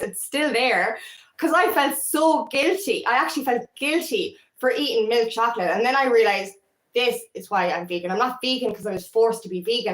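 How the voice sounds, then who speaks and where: A woman with an Irish accent talks straight to camera in a casual, rambling vlog, candid and quick to swear. Her voice sits a little high, and the room around her gives a noticeable echo. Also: a bit bright. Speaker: feminine empowerment coach.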